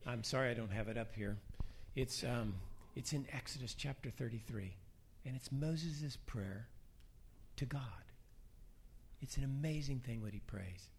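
A middle-aged man preaching a sermon, shifting between soft, hushed prayer lines and rising, emphatic questions. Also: mid-range voice, a little slow, creaky, slight background noise.

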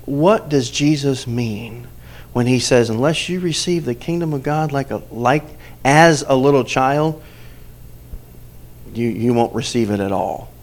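Man preaching with rising emphasis. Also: medium pitch. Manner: emphatic preaching, asks the congregation questions and swings between loud and soft. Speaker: pastor. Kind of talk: sermon.

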